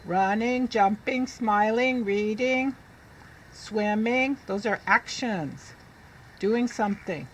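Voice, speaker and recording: A woman reading teacher giving a phonics lesson to young children. She sounds out letters and words slowly so they can repeat them. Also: medium pitch, poor audio.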